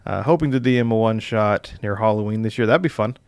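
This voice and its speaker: A man's voice: on the low side, quick pace, darkish tone, clean tone, dry recording, studio quality. A young man casually hosting a live stream as dungeon master, rambling with filler words and chuckling as he reads viewer comments.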